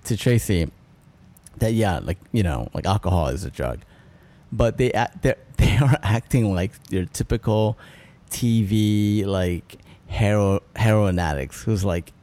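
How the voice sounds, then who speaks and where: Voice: sits low, unhurried, mellow. A co-host chatting casually about a film, often agreeing with short interjections. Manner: agreeable, frequent short "yeah" backchannels. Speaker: podcast co-host. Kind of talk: casual chat.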